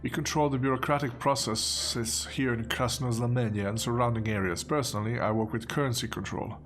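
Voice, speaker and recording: A man's voice: medium pitch, steady tone, fairly quick, a bit bright, lightly acted. A man voicing a pompous male city bureaucrat with a put-on British accent, reading game dialogue in an officious, self-satisfied way.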